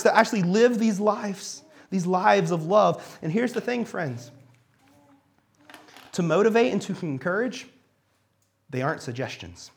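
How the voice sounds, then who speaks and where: A man giving a sermon in a church hall, conversational and animated, sometimes dropping to a quiet, reflective tone. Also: on the high side. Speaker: pastor.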